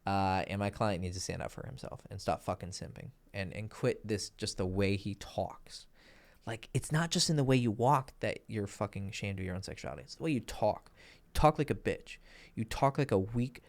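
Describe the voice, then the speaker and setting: A man's voice: on the low side, moderate pace, vocal fry. A man giving crude, blunt dating advice in a casual, lecturing monologue, full of profanity. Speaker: dating coach.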